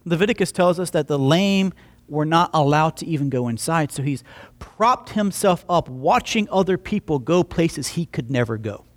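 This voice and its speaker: A male pastor preaches a conversational sermon at normal speed, his slightly high voice full of lively intonation. He tells a story, plays both characters in the conversation, and often restarts with repeated words.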